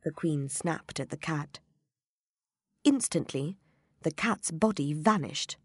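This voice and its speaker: Storybook narrator, woman, lowish voice, lively expressive delivery. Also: slow pace, husky, no echo. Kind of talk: children's storybook reading.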